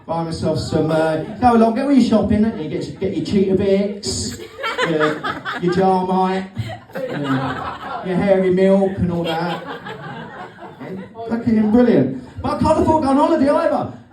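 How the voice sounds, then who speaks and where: Heard from afar with roomy stage acoustics over a noisy crowd, a middle-aged man from Britain delivers rambling, sardonic, sweary stand-up at a club. His high voice is animated and moves at normal speed.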